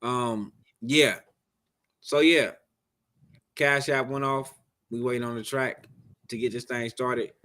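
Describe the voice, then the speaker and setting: A man's voice: medium pitch, steady tone, slow, long pauses, pushed and bright. A man hosting a live music review, talking casually in loose slang with plenty of swearing. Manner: loose, profane, laid-back slang. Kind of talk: casual livestream chat.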